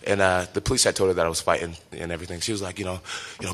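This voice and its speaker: A young man in his twenties, a professional fighter, telling a story in a lively way, laughing often and acting out what people said. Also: low-pitched, rapid-fire. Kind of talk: animated storytelling.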